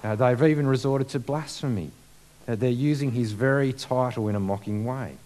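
A man's voice: mid-range voice, moderate pace, darkish tone. A man preaching a sermon in a conversational way, with many fillers and rhetorical questions.

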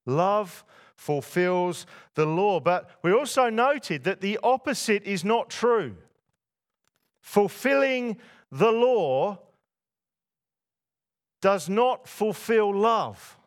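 In a church before a masked congregation, a man preaches a sermon and poses rhetorical questions to his listeners. His high-pitched voice is animated, extremely slow and full of pauses.

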